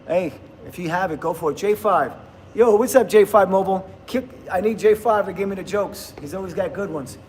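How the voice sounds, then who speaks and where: A man's voice: high voice, a little fast, few pauses, slight background noise. A man in his fifties from the United States, chatting casually on a livestream and answering viewer comments in an upbeat way. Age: 50s.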